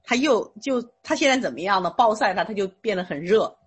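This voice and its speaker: A woman with a very husky voice of middle pitch interprets a sermon phrase by phrase. She speaks steadily and sometimes pauses to rephrase with small fillers. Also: animated.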